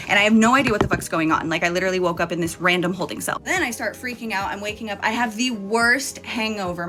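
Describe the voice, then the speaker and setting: A woman's voice: mid-range voice, pushed and bright. A young woman telling a casual storytime vlog story, candid and chatty, swearing freely. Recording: faint music behind.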